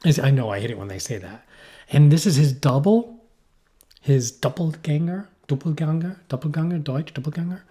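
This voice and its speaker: Man, podcast co-host, casual chat, rambling and animated, mellow relaxed tone. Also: fairly high pitch, normal speed, husky. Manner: rambling, animated storytelling with playful mock accents. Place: poorly heated shack.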